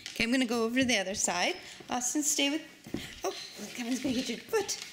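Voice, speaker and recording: A woman's voice: fairly high pitch, animated, quick pace. A young mother at home, coaxing and cooing at her baby and dogs in sing-song baby talk. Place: at home indoors. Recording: noisy home recording.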